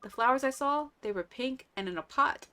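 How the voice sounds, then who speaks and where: A woman lifts her voice into a little village girl, soft and full of wonder. The girl's voice sits noticeably higher than the reader's own, with a faint hiss in the background. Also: animated, fairly quick. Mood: wistful. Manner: gentle, wondering.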